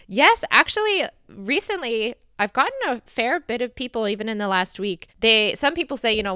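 A woman's voice: fairly high pitch, very animated, normal speed, bright, forceful tone, clean tone, dry recording, studio quality. A woman in her thirties with an American accent, hosting a podcast and answering listener questions in a chatty, reflective way. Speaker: podcast host. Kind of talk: casual podcast Q&A.

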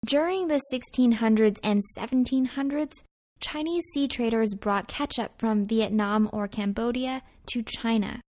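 Over faint background music, this podcast co-host cheerfully alternates reading food history facts from a script with her partner. She speaks a little slowly, in a fairly high voice with a slightly mellow quality.

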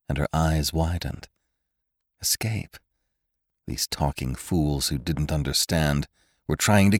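Very deep-voiced male audiobook narrator. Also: no echo, studio quality. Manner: expressive, swelling louder in action scenes. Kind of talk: scripted story narration.

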